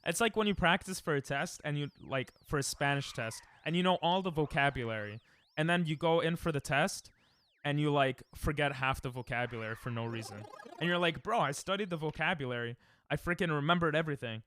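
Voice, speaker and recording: Excitable young man streaming a game. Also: fairly high pitch, fairly quick, clean tone. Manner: excitable, joking, bursts of laughter and yelling. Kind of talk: casual gaming stream chat.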